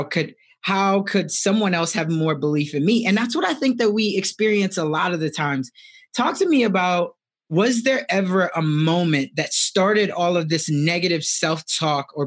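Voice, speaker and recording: A podcast host interviewing a guest, asking probing questions and affirming her answers. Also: mid-range voice.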